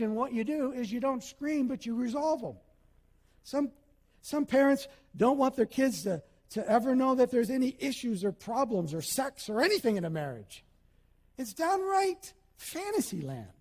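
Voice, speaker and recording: A male pastor preaching a sermon, animated, acting out little scenes and quotes as he goes. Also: very high voice, moderate pace, big-room sound.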